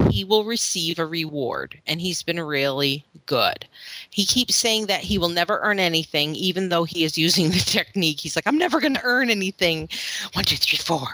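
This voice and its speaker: A woman in her thirties hosts a podcast and chats casually, often laughing as she shares stories about her kids, who are in therapy. Her voice is on the low side with a sharp tone, and there's no room sound.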